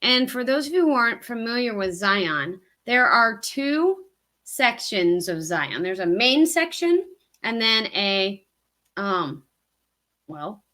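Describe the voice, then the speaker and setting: A woman's voice: on the high side, very animated, takes it slowly, bright, forceful tone. A woman with a Southern US accent co-hosting a hiking livestream, chatting casually and rambling with many ums. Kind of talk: casual live-stream chat.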